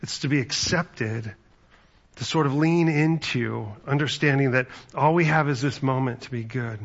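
A man's voice: medium pitch, moderate pace, dull audio. A man giving a conversational sermon as pastor, telling stories and acting out quotes. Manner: conversational, storytelling with acted-out quotes.

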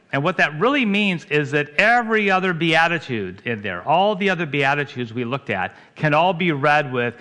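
A man's voice: mid-range voice, sharp tone. A man, a pastor, preaching a sermon in a conversational way, asking his congregation questions.

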